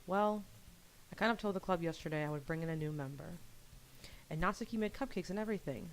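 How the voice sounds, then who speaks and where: A woman voicing a cheerful, eager teen schoolgirl in a game, whining and pleading at a higher pitch. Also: fast, slight background noise, lightly acted, low-quality recording.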